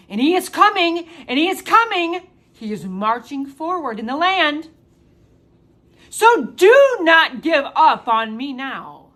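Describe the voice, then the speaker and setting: A woman delivering a prophetic proclamation in the first person as God, with emphatic, drawn-out declarations and repeated rhetorical questions. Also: high voice, pushed and bright.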